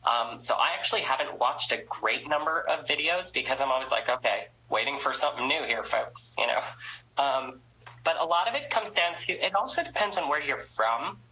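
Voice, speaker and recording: Low-voiced woman with a head cold. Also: animated, brisk, bright, forceful tone, a little hiss or hum, low-quality recording. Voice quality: trained singing voice. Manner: chatty and candid, lifts the ends of sentences. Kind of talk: casual video chat interview.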